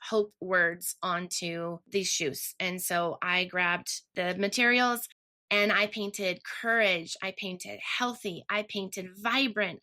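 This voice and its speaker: A woman's voice: mid-range voice, sharp tone. A woman telling her personal story earnestly and emotionally, often restarting her sentences. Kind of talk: personal testimony.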